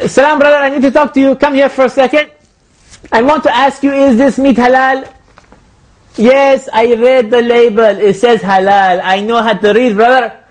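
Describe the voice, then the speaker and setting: A man's voice: extremely high pitch, fairly even intonation, moderate pace, pitched above the performer's own voice. A man voicing a pushy, suspicious male customer who interrogates a butcher in a comedy sketch, demanding and calling everyone brother.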